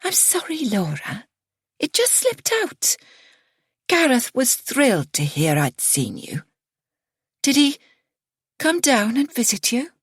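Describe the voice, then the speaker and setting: A woman's voice: fairly high pitch, huge pitch swings, slow, long pauses, breathy edge, no room sound, clean studio sound, voice pushed up, exaggerated voice. A woman voicing a fretful older mother whose tone is light but defensive, in an audiobook reading.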